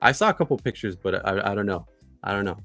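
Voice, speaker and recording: A chatty male livestream host with a fairly low voice. He greets viewers by name, reads their comments aloud, and fills his sentences with "uh" and repeated phrases. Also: lively intonation, fast talker, creaky, fairly bright tone, soft background music. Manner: filler-heavy, repeats himself. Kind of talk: casual livestream chat.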